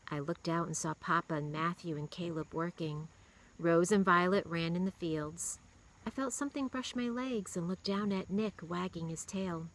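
A woman reading a children's novel aloud in a steady, expressive way. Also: fairly low pitch, normal speed, rough recording. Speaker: reader.

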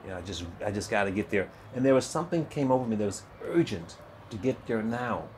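Animated older man telling stories. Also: on the low side, fast, a little hiss or hum. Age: 60s. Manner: animated storyteller who acts out other people's voices and laughs often. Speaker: guest, retired bodybuilder. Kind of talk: storytelling interview.

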